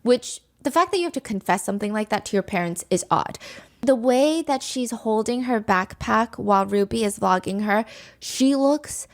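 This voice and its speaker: A woman's voice: on the high side, lively intonation, moderate pace. A woman hosting a reaction commentary show, speaking in an indignant, sarcastic, conversational way. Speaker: commentary host.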